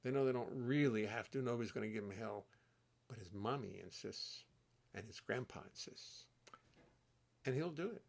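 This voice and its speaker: Older guy chatting on a home studio stream, gravelly voice, rambly storyteller. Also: mid-range voice, moderate pace, pauses often, a little mellow. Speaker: host and bassist. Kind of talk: casual livestream chat.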